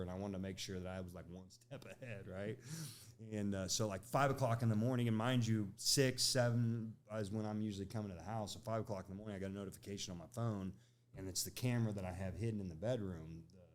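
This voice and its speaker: Deep-voiced man telling his story candidly. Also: a little hiss or hum. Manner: conversational, frequent "right?" and "you know" tags, acts out quoted lines. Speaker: podcast guest.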